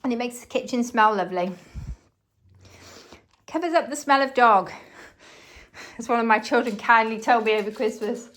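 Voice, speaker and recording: A woman from England chatting to viewers as she cleans her farmhouse, slightly out of breath and hoarse from talking. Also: fairly high pitch, moderate pace, long pauses, a bit bright. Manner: chatty, talks to viewers while working, trails off and restarts. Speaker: cleaning vlogger. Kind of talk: casual chat while cleaning. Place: farmhouse kitchen and utility room, indoors.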